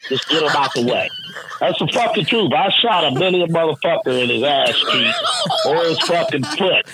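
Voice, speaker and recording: Swearing plenty, a union rep animatedly recounts a story from work, voicing each person in it. He speaks at a moderate pace in a voice on the high side, and the recording is very noisy.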